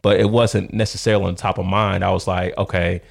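A man in his thirties, a podcast co-host, telling a long story in a rambling, animated way with lots of fillers. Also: deep voice, brisk, gravelly. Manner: rambling, animated, laughs often, many fillers. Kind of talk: casual storytelling chat.

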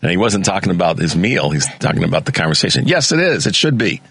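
A man's voice: sits low, sing-song, fast, gravelly, fairly bright tone, breathy edge, dry recording. A man hosting a call-in radio talk show, laid-back, laughing easily and restarting his sentences.

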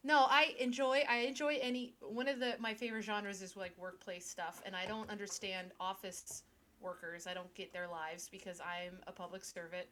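A woman's voice: medium pitch, flat delivery, normal speed, pushed and bright, slight background noise. A woman co-hosting a casual podcast chat, giggly and rambling, often restarting her sentences. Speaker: podcast co-host.

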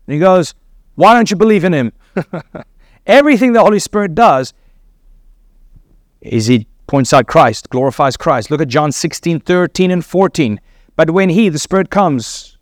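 A man's voice: a little high, no room sound, clean studio sound. A man preaching a sermon, teaching earnestly and asking his listeners rhetorical questions.

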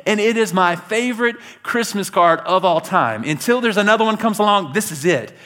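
A man preaching a sermon to his church, animated and conversational, laughing along with his stories and talking straight to the congregation. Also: sits high, normal speed. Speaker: pastor.

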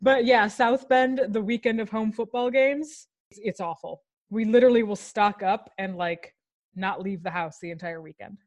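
A woman's voice: mid-range voice, moderate pace, darkish tone. A woman co-hosting a podcast, a lecturer chatting casually and laughing easily. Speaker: podcast co-host, university lecturer.

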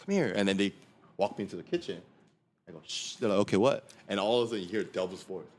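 A man's voice: low voice, very fast, a little hiss or hum. A middle-aged man chatting casually as a podcast guest, telling stories and acting out quotes. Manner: animated, acts out quotes in the story. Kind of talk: casual storytelling.

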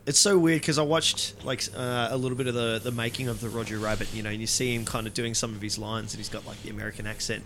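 A man co-hosting a casual film podcast, telling stories in an excitable way. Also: mid-range voice, fast, few pauses, a little hiss or hum. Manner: animated, excitable storyteller. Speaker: podcast co-host.

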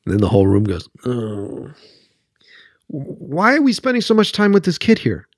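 A man's voice: on the high side, wildly swooping pitch, quick pace, no echo, studio quality. A man hosting a solo podcast, ranting in a sarcastic, profane way and keeps checking in with "right?". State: worked up. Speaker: podcast host.

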